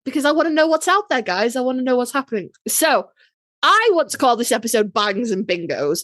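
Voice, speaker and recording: A chatty woman with a Yorkshire accent, co-hosting a podcast with quick, self-mocking asides. Her voice sits fairly high. It sounds close and dry, with no room around it. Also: sing-song, a bit bright, no echo. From Yorkshire, England. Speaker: podcast co-host. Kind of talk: casual chat.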